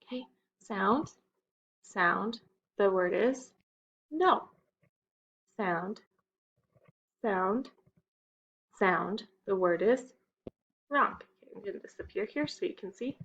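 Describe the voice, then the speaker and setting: Female teacher for early readers, unhurried and patient, even pitch, muffled home recording. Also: vocal fry, slightly rough. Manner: slow, patient, stretches out the key words. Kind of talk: phonics lesson for young children.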